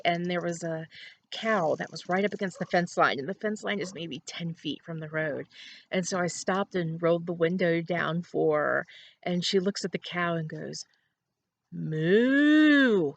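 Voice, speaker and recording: A woman chats to camera for her knitting podcast. She rambles from thought to thought and laughs often, in a relaxed, casual tone. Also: lowish voice, creaky, muffled recording, slight background noise.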